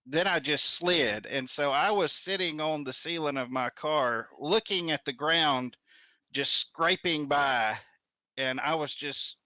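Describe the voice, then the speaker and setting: A man hosting a casual chat, telling a story in a relaxed, chatty way. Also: mid-range voice, no echo.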